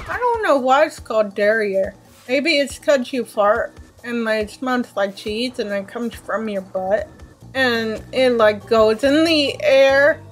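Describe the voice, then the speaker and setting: Young woman, high voice, slow, exasperated, self-mocking gameplay commentary, faint music. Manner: exasperated, self-mocking, sing-song complaints. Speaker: let's play gamer. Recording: faint game music behind.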